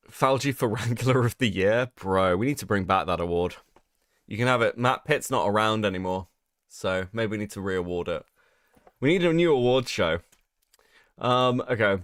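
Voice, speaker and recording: A sarcastic British man hosts a casual livestream, swearing freely as he reacts to chat. His pitch swings widely from low mutters to high mocking notes. The sound is close and dry, with no room around it. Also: a bit bright, dry recording. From Britain. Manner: sarcastic, swears a lot, mocking voices when quoting others. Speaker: streamer host.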